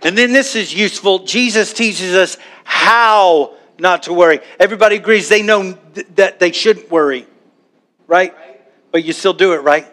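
A man preaching a sermon to a church congregation, animated, now and then acting out worried voices. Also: sits high, normal speed. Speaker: pastor.

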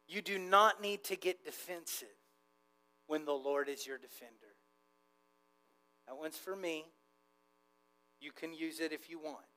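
High voiced pastor guy preaching, gets quiet then big and loud, real animated. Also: rough recording. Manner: animated, jumps between hushed asides and loud emphatic build-ups. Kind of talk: sermon.

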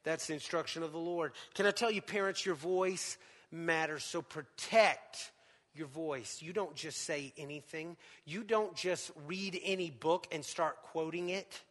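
High bright-voiced preaching man. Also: a little slow. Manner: emphatic preaching, swinging from loud to hushed. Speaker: pastor. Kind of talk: sermon. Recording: long hall reverb.

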